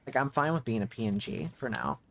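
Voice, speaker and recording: A man's voice: mid-range voice, very animated, brisk, gravelly, a bit bright. Rambling man streamer talking through a game. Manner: rambling, restarts mid-thought, self-correcting. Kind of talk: casual gameplay commentary.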